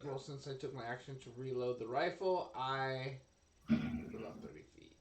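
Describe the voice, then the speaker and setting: A man playing a tabletop game with friends, loud and laughing, shouting out his character's lines. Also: medium pitch, moderate pace, reverberant, far from the mic, a little hiss or hum. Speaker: player. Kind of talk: casual tabletop game play.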